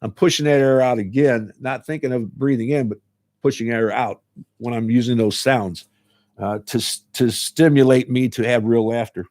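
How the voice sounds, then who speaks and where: A man's voice: medium pitch, moderate pace, darkish tone, dry recording, clean studio sound. A man who teaches a laughter club, talking earnestly and casually and repeating words as he goes. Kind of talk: casual talk to camera.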